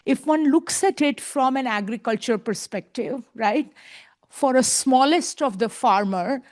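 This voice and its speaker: A woman's voice: high voice, expressive, measured pace, a little mellow. A woman speaking as a conference panelist, emphatic and repeating her points, often adding a questioning tag.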